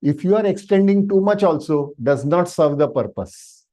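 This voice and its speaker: A man with an Indian English accent teaching an online language workshop, stretching out vowel sounds to demonstrate them and often pausing on "uh". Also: on the high side, expressive, mellow. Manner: demonstrative, drawn-out vowel sounds, frequent "uh" fillers. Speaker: Sanskrit teacher. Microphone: video call microphone.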